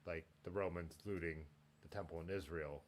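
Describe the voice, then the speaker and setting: A man hosting a live stream in casual chat, excitable and jumping between topics, laughing often. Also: sits low, normal speed. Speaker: livestream host.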